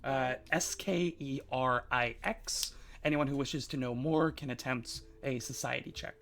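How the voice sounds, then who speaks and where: A man running a tabletop game as game master, pausing with hesitant fillers, with a gravelly, husky voice. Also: mid-range voice, a bit bright, slight background noise.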